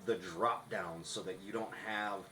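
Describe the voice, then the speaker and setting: Low-voiced man teaching acting craft. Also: steady tone, unhurried, sharp tone, poor audio. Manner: instructive, restarts often. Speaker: podcast co-host. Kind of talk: casual podcast chat.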